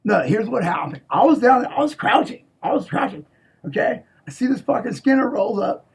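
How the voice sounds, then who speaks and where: A man in a rambling, profane monologue who swings from hushed to shouting. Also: extremely high pitch, very animated, fairly quick, creaky, slightly rough.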